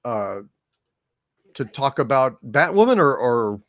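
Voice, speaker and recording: Man, co-host on a remote call, terse dry remarks, mid-pitched voice, no room echo. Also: very animated, takes it slowly, a bit bright. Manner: short, dry interjections. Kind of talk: casual live-stream chat.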